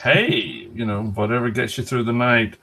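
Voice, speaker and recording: A man playing a tabletop game in a casual, halting and sly way. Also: medium pitch, sharp tone, breathy edge. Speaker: player.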